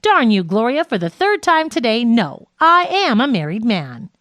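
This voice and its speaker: A woman's voice: on the high side, very animated, moderate pace, a bit bright, no room sound. A woman reading as a fussy, flustered man. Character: flustered middle-aged man, fussy and vain. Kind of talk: audiobook reading of a radio sketch.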